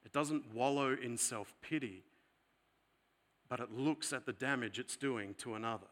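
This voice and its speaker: A man preaching a sermon, earnest and deliberate, slowing down to stress key words. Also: medium pitch. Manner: earnest preaching, slows for emphasis, drops softer later. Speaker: pastor.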